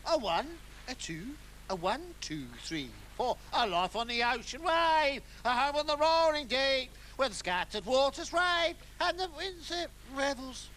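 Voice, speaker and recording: A performer voicing a hapless, excitable castaway lost at sea in a children's puppet comedy, swinging between calm and wailing panic. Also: medium pitch, a little slow, a little hiss or hum. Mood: comic panic.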